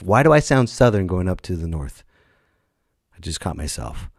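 Lively low-voiced man, animated comic storyteller. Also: a little slow, dry recording, studio quality. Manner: animated storyteller, bursts into loud high put-on voices. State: recovering from being sick. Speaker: comedian and podcast host. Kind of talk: comedic podcast monologue.

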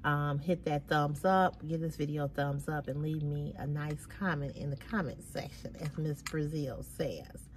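Low-voiced woman vlogger, weary and sighing. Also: fairly even intonation, normal speed, hardly any pauses, a little hiss or hum. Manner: weary, venting, with frequent heavy sighs; repeats phrases for emphasis. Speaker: fashion vlogger. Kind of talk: casual chat to camera.

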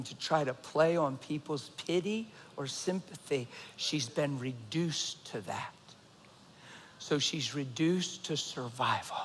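A man preaching a sermon to a church congregation, telling a story and swinging from loud to hushed. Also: fairly high pitch, slight background noise. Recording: long hall reverb.

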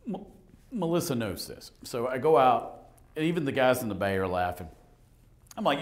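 A middle-aged man preaching a lively sermon in a church, joking with the congregation and acting out conversations as he tells stories. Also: medium pitch, normal speed, pauses often. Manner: animated, joking, acts out conversations. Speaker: pastor. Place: church sanctuary.

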